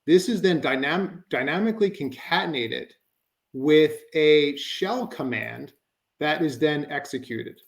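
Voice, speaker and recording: A man's voice: on the high side, lively intonation, measured pace, creaky. A man giving a conversational webinar presentation, explaining with frequent fillers like "you know" and "um.".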